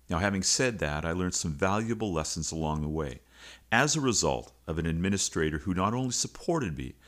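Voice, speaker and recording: Deep-voiced middle-aged male coach, earnest confessional storyteller, podcast host. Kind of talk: reflective personal storytelling.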